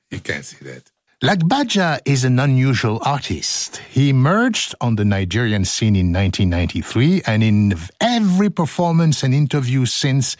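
Playful, lively-voiced male radio host. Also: medium pitch, dry recording, clean studio sound. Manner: playful, joking, laughing at his own slips. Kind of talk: studio outtakes, reading script with ad-libs.

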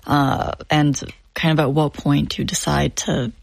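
A woman interviewing a guest, asking gentle questions and giving supportive short replies. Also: sits low, little pitch movement, a little slow, vocal fry, no echo.

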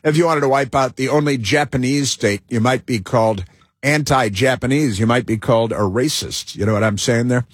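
A male radio host with a husky voice holds forth in an emphatic, meandering political monologue. He trips over fillers and restarts his sentences. The sound is close and dry, with no room in it. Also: mid-range voice, fairly quick, no room sound. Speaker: radio talk show host.

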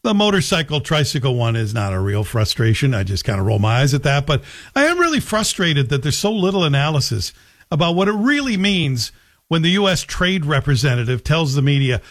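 Sardonic radio host, slightly high voice. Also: male voice, very animated, a little fast. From Scotland. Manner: sardonic, joking, slips into a Scottish voice for anecdotes. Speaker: radio talk show host. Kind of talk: opinionated radio monologue.

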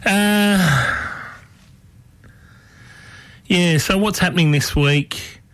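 A man's voice: high-pitched, drawn-out words, gravelly, a bit bright, no echo. A man hosting a radio show, chatting casually and rambling with plenty of fillers and restarts.

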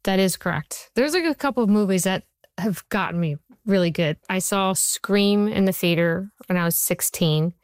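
A woman in her forties, a TV writer and showrunner, talking about her work in an interview as a chatty, animated storyteller with lots of fillers. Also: mid-range voice, moderate pace, clean tone, no echo, studio quality. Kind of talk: conversational interview.

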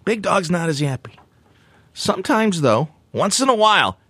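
A man hosting a radio talk show, telling a story in a playful, animated way. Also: high-pitched, moderate pace, husky, no room sound. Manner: animated, playful, does silly voices.

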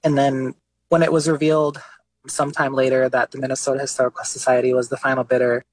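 A man's voice: medium pitch, fast talker, no room sound, poor audio. A man, an artist guest, telling his story in a casual interview and acting out what people said. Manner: animated, quotes people in lively voices.

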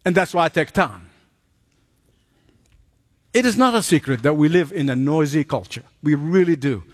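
A man preaching a sermon, telling stories with animated delivery and acting out the voices of the people in them. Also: fairly high pitch, moderate pace, no echo, studio quality. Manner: animated storytelling, acts out quoted voices.

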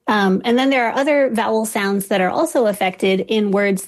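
A woman linguist speaking as a radio guest, explaining in a clear, measured way. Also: medium pitch, steady tone. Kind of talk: explanatory interview talk.

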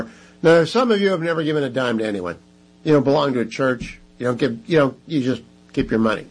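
A man hosting a talk radio show, making an emphatic, repetitive pitch to listeners. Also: animated, moderate pace, poor audio.

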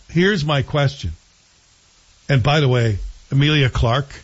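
A show host with a mid-range voice, the highs cut off in the audio, chats casually about a TV series he's watching. His casual review is full of strong opinions.

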